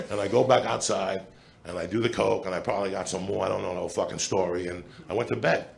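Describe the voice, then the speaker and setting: A middle-aged man telling a profane, animated story as a stand-up comedian on a club stage into a handheld mic. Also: low voice, fast, vocal fry, a little hiss or hum. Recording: live club with audience laughter. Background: audience laughter.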